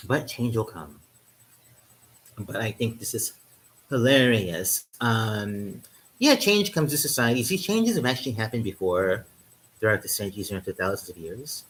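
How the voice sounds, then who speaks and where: A man's voice: lowish voice, expressive, normal speed, fairly bright tone, slight background noise, low-quality recording. A man talking casually to camera in a rambling, joking vlog, full of um fillers. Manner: rambling, heavy um fillers, chuckles at own jokes. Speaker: vlogger. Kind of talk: casual comedic monologue. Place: indoors in Europe, drinking wine.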